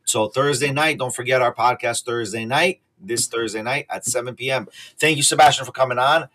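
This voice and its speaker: A man's voice: medium pitch, a little fast, bright, forceful tone. A man hosting a podcast over a video call, chatting casually and enthusiastically plugging his guest while sounding overworked. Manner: enthusiastic, rambling, promotional. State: tired, overworked. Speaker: podcast host.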